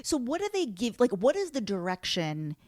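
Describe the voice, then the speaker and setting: A woman's voice: fairly high pitch, big pitch swings, normal speed, darkish tone, dry recording, clean studio sound. A woman hosting an interview podcast, asking questions with a fan's enthusiasm. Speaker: podcast host.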